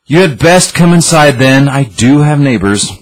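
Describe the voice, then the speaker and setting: A man voicing a proud, regal sorceress who speaks in a lofty, mocking, measured way while reading out comic dialogue. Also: mid-range voice, animated, voice pushed up, natural voice, rough recording. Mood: haughty. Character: regal sorceress woman, calm, cutting and proud.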